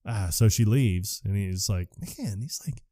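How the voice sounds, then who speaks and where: A man co-hosting a podcast, casually recapping a movie and acting out its lines in quick impressions. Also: lowish voice, dark tone, dry recording, studio quality. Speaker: podcast co-host.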